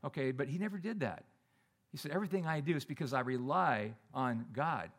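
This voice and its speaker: A middle-aged man preaching a sermon in a conversational, animated way, often restarting his sentences. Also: medium pitch, fairly quick. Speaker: pastor.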